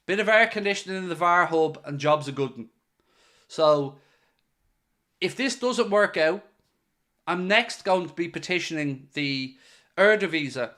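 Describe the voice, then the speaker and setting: An Irish man talks straight to his viewers in a loose, chatty commentary. He delivers his jokes with mock-serious, sarcastic pitches. His voice sits a little higher than most men's. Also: expressive, measured pace, pauses often, pushed and bright. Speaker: football fan channel host. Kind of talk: casual solo commentary to camera.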